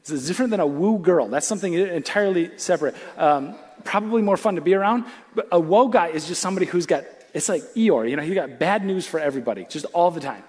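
A male pastor preaching a sermon in an animated, conversational way, full of casual fillers. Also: high voice, fast. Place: church auditorium.

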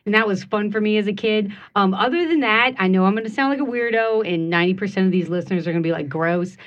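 A woman's voice: mid-range voice, quick pace. Woman, chef guest, easygoing, slightly muffled studio recording. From St. John Parish, Louisiana. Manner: easygoing, laughs often. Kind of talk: casual radio interview. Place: radio studio.

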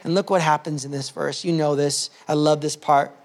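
A man preaching a sermon with passion, swinging between loud declarations and soft, hushed moments. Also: fairly high pitch, fairly even intonation, moderate pace. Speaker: pastor.

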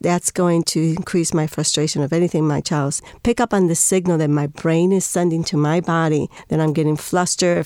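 Woman on a panel, low warm voice, dry sound, reflective and explanatory. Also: clear, resonant tone, no echo. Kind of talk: panel discussion.

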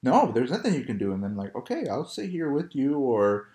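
A man's voice: mid-range voice, big pitch swings, a little fast, mellow. Laid-back young man with a drawl. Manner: laid-back, storytelling, laughs often. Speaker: podcast co-host. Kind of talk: casual chat. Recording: echoey room.

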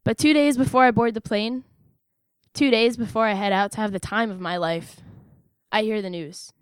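A young American woman tells her own story as a spoken personal essay, wry and emphatic, her fairly high voice leaping up on punchlines. The sound is close and dry, with no room around it. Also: steady tone, normal speed, smooth, dry recording. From United States. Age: young adult. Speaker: narrator.

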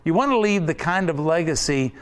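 A man preaching a sermon as pastor, deliberate and emphatic, building points through repetition. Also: on the high side, expressive, clear, resonant tone.

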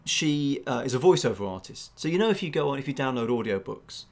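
Lively man telling a story. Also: medium pitch, quick pace. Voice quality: talks with many fillers and restarts, acting out quoted voices. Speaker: journalist and podcast host. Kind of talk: casual storytelling chat.

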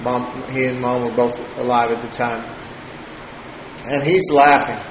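A man telling a personal story in a sermon, chatty and halting, chuckling often. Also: mid-range voice, steady tone. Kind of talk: sermon testimony. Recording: roomy echo, faint noise.

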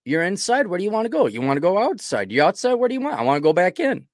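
A man's voice: high voice, sing-song, very fast, no echo, clean studio sound. A man hosting a podcast, talking casually in a rambling, self-deprecating way while sick with a cold. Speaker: podcast host. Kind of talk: casual monologue.

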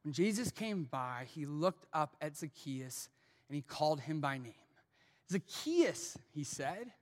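A man preaching a sermon as pastor in a church, swinging from hushed lines to shouted peaks. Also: fairly high pitch, normal speed, in a large hall. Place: church auditorium.

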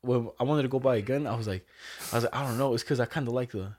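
A young man casually telling stories with a lot of swearing, his voice jumping high whenever he quotes someone. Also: rapid-fire. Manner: animated, swearing, jumps way up in pitch when quoting people. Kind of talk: casual storytelling chat.

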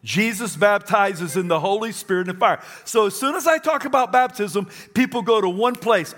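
A man's voice: high voice, moderate pace, few pauses, fairly bright tone. A man preaching a sermon to a congregation, emphatic and repetitive, leading them to say phrases back. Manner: emphatic, repeats phrases for the crowd. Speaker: pastor. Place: church.

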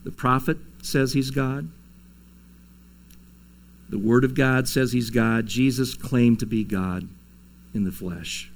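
A male pastor preaching in a church sanctuary, easygoing and conversational, who slips into little acted voices for the people he quotes. His voice sits at an ordinary middle pitch for a man. A faint electrical hum runs under the recording. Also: fairly even intonation, slow, vocal fry, pauses often. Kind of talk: sermon.

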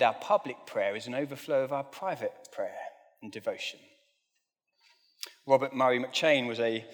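A middle-aged man preaching a sermon in a conversational, self-deprecating way with light humor. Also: medium pitch. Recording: long reverb of a large hall.

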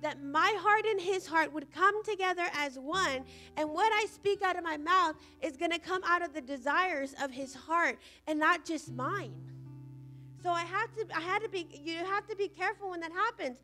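A woman's voice: very high voice, moderate pace, pushed and bright, faint music behind. A woman preaching a sermon as a senior church leader, earnestly explaining scripture.

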